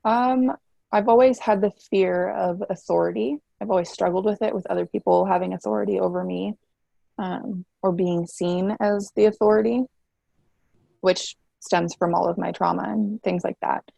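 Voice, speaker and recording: A woman's voice: mid-range voice, fairly even intonation, normal speed, vocal fry, mellow, no room sound. A woman in her twenties, a guest telling her story candidly in a chatty way, with many fillers. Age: 20s. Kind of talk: casual interview chat.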